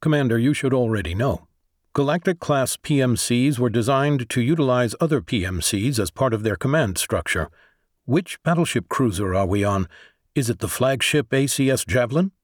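A man's voice: medium pitch, animated, normal speed, dry recording, clean studio sound, close to an everyday voice. A man voicing an agitated male navy lieutenant trapped in a robot body, with demanding, clipped military speech.

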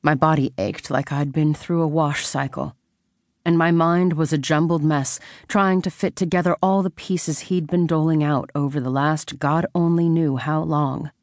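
A woman narrating a first-person audiobook, expressive and wry, on a close studio mic. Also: low voice, moderate pace, dry recording.

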